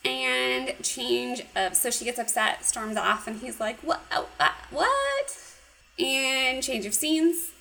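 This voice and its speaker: A woman casually recapping a cartoon episode, animated and giggly, acting out the characters' lines. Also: on the high side, takes it slowly, creaky, hardly any pauses, rough recording. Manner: animated retelling with acted quotes, giggly. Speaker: podcast co-host.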